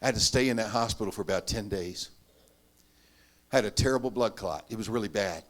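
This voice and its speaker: A middle-aged man preaching in a church, telling his life story with animated, self-mocking humor. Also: lowish voice, a little fast. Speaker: preacher giving a testimony. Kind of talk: storytelling sermon.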